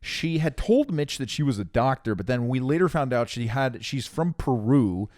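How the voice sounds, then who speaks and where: Young male podcast co-host, casual rambler, swears freely; average pitch, dry close-mic sound. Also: big pitch swings, moderate pace, a little mellow, no room sound. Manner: rambling storytelling, swears a lot, many restarts. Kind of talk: casual chat.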